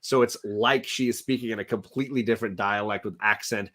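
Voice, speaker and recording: A man's voice: lowish voice, fairly even intonation, quick pace, a bit bright. Male host, easygoing and casual, steers the chat and reads out viewer comments. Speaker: host of a live comic book show.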